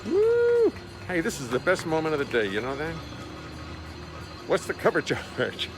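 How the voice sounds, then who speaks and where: A man's voice: fairly high pitch, lively intonation, moderate pace, over music. A man chatting casually and jokingly on a livestream from his studio, greeting viewers by name. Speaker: musician hosting a livestream. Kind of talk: casual chat. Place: home studio by a window.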